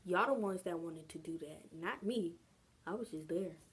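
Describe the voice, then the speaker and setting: A woman's voice: fairly low pitch, normal speed, husky. A young adult woman telling a casual storytime vlog, chatty and slangy, drawing the story out. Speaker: vlogger.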